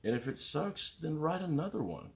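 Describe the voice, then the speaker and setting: A man's voice: fairly high pitch, normal speed. A middle-aged man, a musician, rambling casually to viewers on his live stream, greeting them by name and jumping between topics. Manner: animated, jumps between topics.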